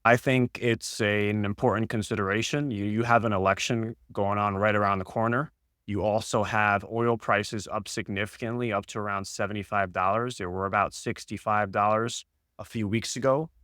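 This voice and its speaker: A man speaking as an economist on a podcast, reading off job figures in a steady, data-heavy way. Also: on the low side, normal speed, smooth, no room sound, clean studio sound. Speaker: senior economist. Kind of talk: podcast market discussion.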